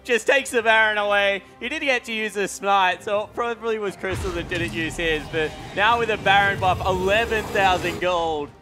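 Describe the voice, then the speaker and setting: A man's voice: high voice, moderate pace, hardly any pauses, over music. A man giving esports color commentary, explaining builds and plays step by step and slipping in dry jokes. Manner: explanatory, dry joking asides.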